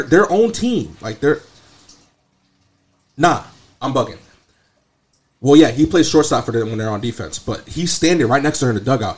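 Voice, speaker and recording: A young man casually telling an animated, slangy story full of profanity. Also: fairly high pitch. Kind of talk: casual chat.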